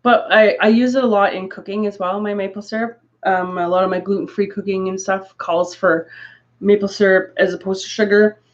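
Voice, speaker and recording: A woman's voice: mid-range voice, fairly even intonation, a little fast. A woman chatting casually to viewers on a craft livestream, rambling through asides and laughing often. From Canada. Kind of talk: casual live chat. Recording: dull lo-fi stream audio.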